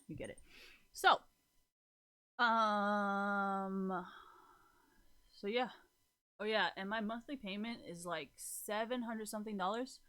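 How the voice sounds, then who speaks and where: A woman's voice: on the low side, a bit bright. Young woman, casual vlog storytelling, rambling, giggly, frequent swearing, filler-heavy chatter. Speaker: vlogger.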